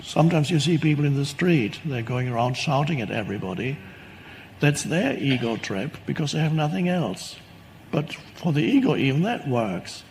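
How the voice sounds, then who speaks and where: A man giving a reflective spoken teaching talk as a spiritual teacher, unhurried and thoughtful. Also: fairly high pitch, lively intonation, darkish tone, slight background noise, poor audio. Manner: unhurried and reflective, acts out quoted voices.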